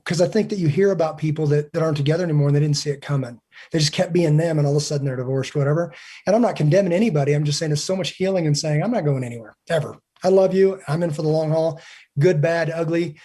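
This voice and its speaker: A man's voice: a little high, mellow, slightly rough. A man in his forties, a podcast guest, telling earnest stories in casual conversation and acting out the dialogue. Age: 40s. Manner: earnest storyteller who acts out quoted dialogue.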